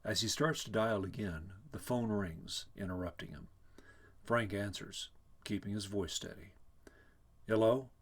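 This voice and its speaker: A man reads a play aloud, taking the stage directions at a measured, even pace. His voice sits low, with a husky grain. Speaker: reader. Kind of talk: dramatic reading of a play.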